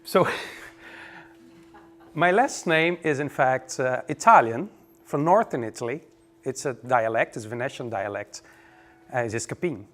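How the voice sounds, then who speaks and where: A man from Brazil, giving a relaxed, joking conference presentation. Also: mid-range voice, measured pace, long pauses. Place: conference room.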